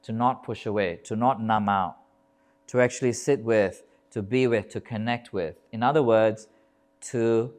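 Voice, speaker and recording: A man's voice: on the low side, fairly even intonation, unhurried, darkish tone. A man giving a talk as a yoga teacher, emphatic, building rhythmic lists and swearing casually. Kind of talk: live motivational talk. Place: yoga festival talk, indoors.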